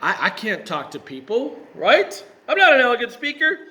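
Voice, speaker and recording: A man's voice: wildly swooping pitch, moderate pace, bright, forceful tone, exaggerated voice. A man voicing a reluctant old man, Moses, who whines and pleads to get out of his task. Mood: pleading. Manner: whiny, protesting, rising pitch.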